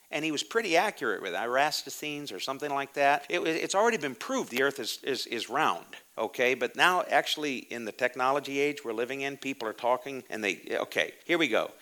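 A man preaching a sermon, reading scripture slowly and breaking into loud, emphatic bursts before dropping to a low hush. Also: expressive. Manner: shouting bursts and sudden drops to a low hush.

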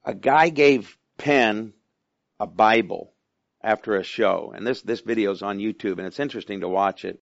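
A man's voice: on the low side, normal speed, vocal fry, dry recording. Man preaching, chatty, lo-fi sound. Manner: conversational, asks the listeners questions. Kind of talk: sermon.

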